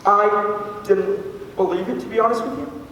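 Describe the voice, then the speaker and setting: A teenage boy from Alberta, a student telling a personal story to an audience, earnest and halting with many fillers and restarts. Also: high-pitched, a bit bright, muffled recording. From Alberta, Canada. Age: teens. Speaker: student speaker. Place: large hall with an audience. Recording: echoey hall from far off, faint noise.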